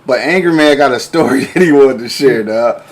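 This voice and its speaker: Excitable, slangy man hosting a podcast. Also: mid-range voice. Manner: excitable and slangy, quick to laugh. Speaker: host. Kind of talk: live podcast chat.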